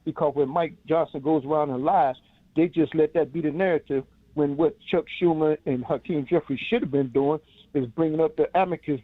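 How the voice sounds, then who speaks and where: A man's voice: a little high, no echo. A man calling in to a radio show, earnest and direct in his opinions. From Chicago, US. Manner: earnest, direct, plain-spoken. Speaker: caller. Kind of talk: call-in political commentary. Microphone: phone. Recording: tinny phone line.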